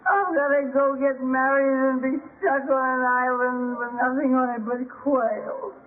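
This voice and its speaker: A woman's voice: sits high, fairly even intonation, a little slow. An actress playing a pleasure-loving young showgirl who complains about her lot in a petulant way, on an old film soundtrack. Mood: self-pitying. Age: young adult. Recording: tinny early-1930s film soundtrack with music.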